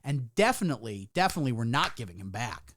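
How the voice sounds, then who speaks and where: A man's voice: medium pitch, very animated, fast, fairly bright tone, a little hiss or hum. A man giving casual live-stream commentary, sarcastic and rambling, swearing freely. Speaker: livestreamer.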